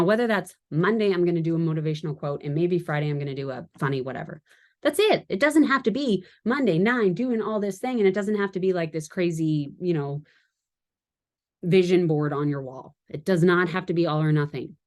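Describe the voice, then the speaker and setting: A woman giving a casual training talk to her sales team, chatty and quick to laugh at her own jokes and wander into asides. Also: lowish voice, lively intonation.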